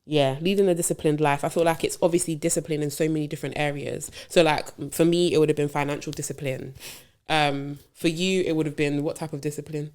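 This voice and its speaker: A woman's voice: low voice, fairly even intonation, fast talker, darkish tone. A woman co-hosting a podcast, chatting casually and thinking aloud in long, rambling sentences with many ums. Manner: musing, talks in long run-on thoughts with many ums. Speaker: podcast co-host. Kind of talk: casual chat.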